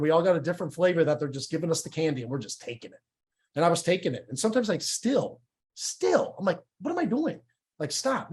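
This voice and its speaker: A middle-aged man with a fairly high voice tells his testimony in a church interview. He talks candidly and with feeling, tripping over words and starting sentences again. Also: darkish tone. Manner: candid, emotional, stumbles and repeats words. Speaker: guest sharing his testimony.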